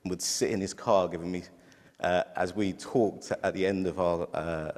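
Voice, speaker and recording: A man's voice: deep voice, fairly even intonation, normal speed, darkish tone. A middle-aged man giving a heartfelt sermon as a preacher. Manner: heartfelt, tearful at times. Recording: long hall reverb.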